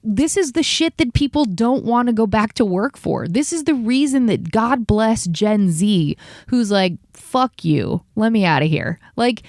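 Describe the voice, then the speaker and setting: A woman hosting a podcast, venting in a heated, profane, rapid-fire rant, tired after a long work day. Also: fairly high pitch, expressive, darkish tone, dry recording, studio quality. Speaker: podcast host.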